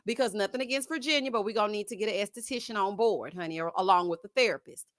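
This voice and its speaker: Racing along at medium pitch, a woman hosts a live reality-TV review stream in studio quality without any room sound. Her chat is casual and sassy, full of honey and y'all for her viewers, with laughter at her own gags.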